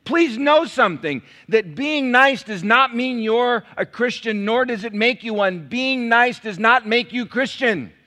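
A male pastor preaching a sermon. He moves between quiet scripture reading and prayer and loud, emphatic preaching, and he jokes with the audience and asks it questions. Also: high-pitched.

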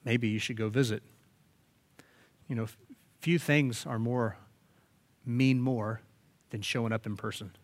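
A man preaching a sermon as pastor, animated and emphatic, often restarting his phrases. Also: mid-range voice, a little slow, pauses often.

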